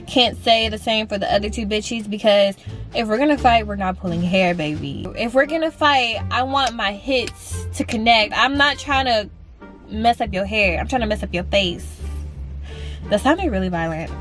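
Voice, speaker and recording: A young woman vlogger telling a story in casual, blunt chat, swearing freely and jumping into high voices when she quotes others. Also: moderate pace, fairly bright tone, faint music behind.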